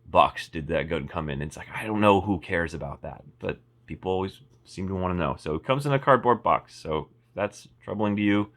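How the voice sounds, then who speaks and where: A man with a deep, low-pitched voice talks through a product review in a loose, offhand way. He trails off, restarts sentences and drops dry, wry asides as he goes. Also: animated, brisk, few pauses, fairly bright tone. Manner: rambling, many fillers and restarts, wry asides. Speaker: firearms reviewer.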